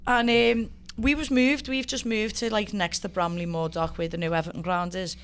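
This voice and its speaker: In a relaxed guest appearance, a woman in her thirties from Liverpool, England, a professional fighter, tells stories in a Scouse accent, swears freely and acts out quotes with gusto. Her medium-pitched voice runs a little fast over faint hiss or hum.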